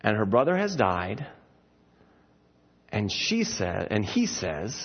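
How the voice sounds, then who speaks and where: A man's voice: fairly low pitch, big pitch swings, takes it slowly, pauses often, breathy edge, lo-fi sound. A man preaching a sermon, telling stories with playful asides.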